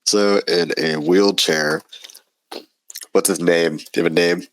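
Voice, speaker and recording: A man's voice: sits low, fairly even intonation, unhurried. A man with a stuffy voice from a cold, chatting casually and reading a story aloud with a laid-back manner. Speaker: podcast co-host.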